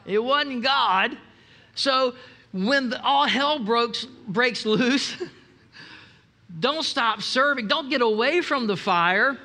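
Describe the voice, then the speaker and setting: A pastor with a high, bright voice delivers a sermon to his congregation at a slow pace. He's animated, breaks into asides, and acts out little quotes.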